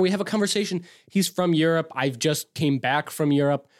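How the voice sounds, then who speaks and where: Excitable young man from Wisconsin. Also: on the high side, fairly quick. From Wisconsin, US Midwest. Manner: excitable, profane, rambling with restarts. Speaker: host. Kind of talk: casual storytelling monologue.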